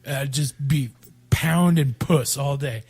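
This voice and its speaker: A man's voice: mid-range voice, slow, a little mellow, husky, faint music behind, voice pushed down. A man putting on the voice of a boastful young party bro who brags in a brash, crude way.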